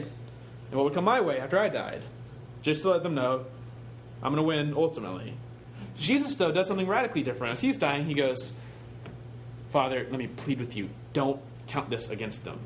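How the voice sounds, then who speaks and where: A man's voice: fairly high pitch, a little hiss or hum. A man preaching a sermon in a conversational way, telling stories and asking rhetorical questions.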